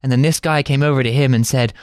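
A man's voice: mid-range voice, fairly even intonation, quick pace, a little mellow, smooth, no room sound, clean studio sound, natural voice. A man putting on a gushing young daughter. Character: gushing young woman telling her father a romance. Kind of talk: mocking impression in casual chat.

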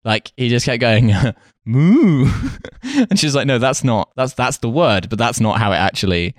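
A man's voice: mid-range voice, brisk, no room sound, studio quality. A man co-hosting a podcast, chatting casually and rambling with lots of fillers, restarts and laughter. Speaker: podcast co-host. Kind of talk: casual comedic chat.

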